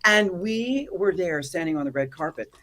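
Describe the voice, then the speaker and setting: An animated woman in a relaxed interview, her pitch leaping up and down as she tells comic stories. She slips into quoted voices and keeps the telling playful. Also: normal speed, noisy background. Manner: animated, comic storyteller who acts out quotes. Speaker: actor and activist guest. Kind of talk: storytelling in a casual interview.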